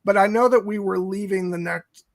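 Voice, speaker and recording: A man's voice: sits high, fairly even intonation, normal speed, dry recording. A man co-hosting a casual film podcast, telling a long rambling story full of fillers. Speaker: podcast co-host. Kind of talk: casual film review chat.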